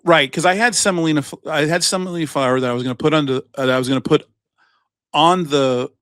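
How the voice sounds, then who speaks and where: A man's voice: fairly high pitch, fast, a bit bright, dry recording. A man co-hosting a podcast in a studio, telling a rambling story in casual chat, with plenty of swearing. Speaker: podcast co-host.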